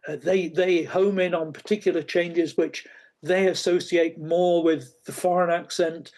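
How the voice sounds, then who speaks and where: Halting man explaining at length. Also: a little high, steady tone, a little mellow. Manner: halting, many fillers and restarts. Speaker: speech expert guest. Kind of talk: explanatory interview answers.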